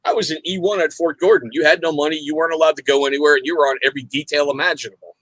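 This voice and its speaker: A man's voice: fairly high pitch, steady tone, rapid-fire, fairly bright tone, no echo. A man hosting a veterans' panel, asking questions and teasing his guests with dry jokes. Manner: teasing, wisecracking banter. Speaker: host of veteran discussion panel. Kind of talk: casual panel chat.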